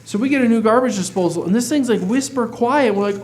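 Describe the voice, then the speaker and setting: A man's voice: very high-pitched, quick pace, few pauses, darkish tone. A man coaching dental practice teams in an earnest, motivational talk, asking his listeners many rhetorical questions. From United States.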